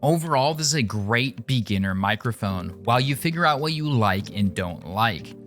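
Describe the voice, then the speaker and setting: A man's voice: medium pitch, lively intonation, normal speed, fairly bright tone, soft background music. A man giving a casual, upbeat product review, chatty with joking asides and a slightly nasal voice. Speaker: tech reviewer.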